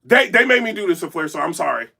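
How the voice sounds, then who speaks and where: A man talking indoors in a casual live-stream commentary, animated and rambling, often checking in with his chat. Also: high voice, quick pace, creaky, a little hiss or hum. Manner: animated, rambling, keeps asking "you know what I'm saying". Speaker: battle rap commentator and blogger. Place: indoor room.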